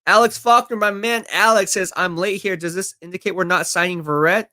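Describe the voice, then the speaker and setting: A man's voice: high-pitched, steady tone, fairly quick, bright, forceful tone. A man live-streaming football talk, reading viewer comments and answering them in a confident, chatty way. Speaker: sports streamer.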